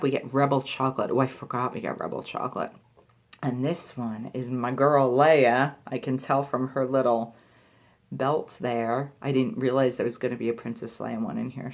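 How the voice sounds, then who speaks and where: A woman's voice: rumbling low, creaky, husky. A woman talking casually in a product review vlog, chatty and full of filler words.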